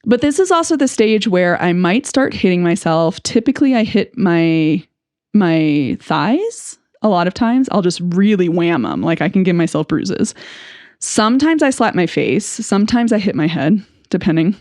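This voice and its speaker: A woman's voice: lowish voice, very animated, normal speed, a little mellow, no echo, studio quality. A woman hosting a podcast as a speech-language pathologist, speaking frankly and reflectively in a candid first-person monologue, with bursts of nervous laughter.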